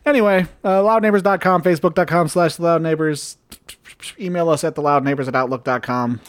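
A young adult man trading crude jokes as he co-hosts a casual podcast. His voice sits a little high. The sound is dry and close, with no room around it. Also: a little fast, dry recording. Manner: crude, joking banter. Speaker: podcast co-host. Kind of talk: casual chat.

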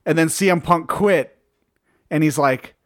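A man's voice: on the high side, measured pace, no echo, clean studio sound. A man in casual chat, retelling a story with lots of swearing and acting out the quotes. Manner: profane, animated storytelling, acts out quotes.

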